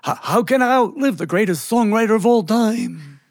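A man's voice: sits high, animated, moderate pace, no room sound, pitched above the performer's own voice. A man voicing a shrewd, blunt old Jewish shopkeeper with a New York Yiddish accent. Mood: wry. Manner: blunt, wisecracking.

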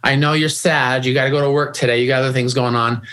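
A man's voice: mid-range voice, steady tone, quick pace, fairly bright tone. A middle-aged man guesting in an interview, speaking earnestly and often restarting and repeating his words. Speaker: grief organization founder, guest. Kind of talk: conversational interview.

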